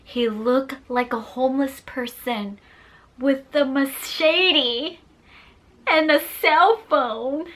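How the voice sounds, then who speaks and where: A woman's voice: sits high, takes it slowly, fairly bright tone. A young woman casually telling a scary story to her viewers, playfully acting out voices and sound effects. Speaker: storyteller vlogger.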